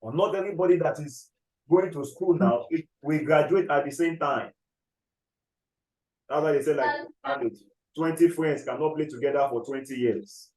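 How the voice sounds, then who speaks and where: A man's voice: on the high side, darkish tone, roomy sound, low-quality recording. A man teaching chemistry in a classroom, dictating notes and often checking whether the class follows. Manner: repeats key phrases slowly, checks understanding often.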